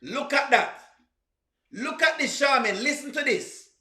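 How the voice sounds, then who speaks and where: A man comments on clips with a high, bright voice. He preaches and teases in short, punchy bursts, and the room around him sounds echoey. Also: animated, a little slow. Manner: preachy, teasing, punchy exclamations. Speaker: reaction video host. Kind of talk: comedic reaction commentary.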